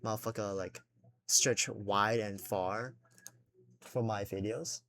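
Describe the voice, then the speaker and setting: A young drawing vlogger chats unscripted while he draws, rambling with lots of fillers and swearing and seeming a little self-conscious. His voice is on the low side, steady, slow and a bit bright.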